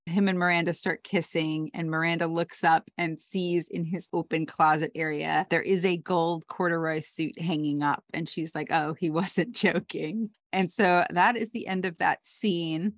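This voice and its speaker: Low-voiced woman recapping a TV episode. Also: dry recording, clean studio sound. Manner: animated retelling, quoting characters in quick asides. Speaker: podcast co-host recapping a TV episode. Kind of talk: casual recap chat.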